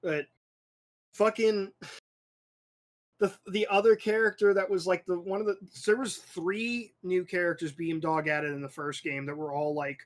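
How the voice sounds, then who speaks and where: A man's voice: sits high, normal speed. A young man hosting a podcast, talking in a rambling, profane, casual way, often restarting his sentences. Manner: animated storytelling with acted-out asides. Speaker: podcast host. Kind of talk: casual chat.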